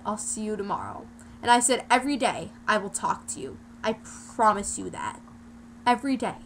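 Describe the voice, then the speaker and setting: A teenage girl from the United States speaks straight to camera in a personal vlog, rambling through an emotional story with lots of "like"s. Her voice sits a little high and sounds bright. A faint hiss runs underneath. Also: poor audio. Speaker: vlogger.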